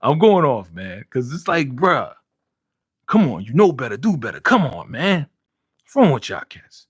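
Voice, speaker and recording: A man's voice: medium pitch, sing-song, measured pace, breathy edge, no room sound, clean studio sound. A man hosting a casual live stream, reading viewer comments aloud and ranting heatedly with laughs in between. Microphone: studio podcast mic.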